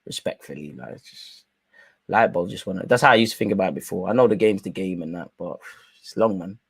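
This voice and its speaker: A man's voice: deep voice, quick pace, creaky, husky, no room sound. A young man hosting a live football watch-along, chatting in slang straight to his viewers. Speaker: live stream host.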